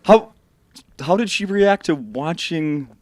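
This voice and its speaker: A man hosting a podcast who reacts quickly and asks curious questions in stumbling bursts. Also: fairly high pitch, animated. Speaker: podcast host. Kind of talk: casual podcast chat.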